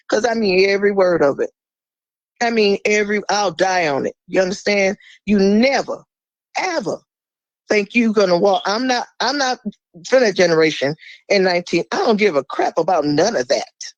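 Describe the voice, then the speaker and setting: A woman speaking as a guest in a podcast conversation, blunt and fiery. She swears freely and drops suddenly into a low, slow voice for emphasis. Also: animated, dry recording, rough recording.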